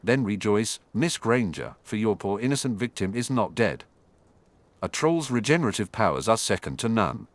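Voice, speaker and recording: A man's voice: fairly low pitch, very animated, moderate pace, no room sound. A man voicing a cold, stern male professor who speaks in a cutting, formal way. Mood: sneering.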